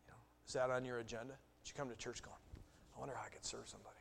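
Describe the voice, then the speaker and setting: Baptist pastor preaching in a reverberant hall. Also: male voice, medium pitch, rapid-fire, vocal fry. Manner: conversational storytelling, animated acted quotes. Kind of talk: sermon. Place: church sanctuary. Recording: long reverb of a church hall.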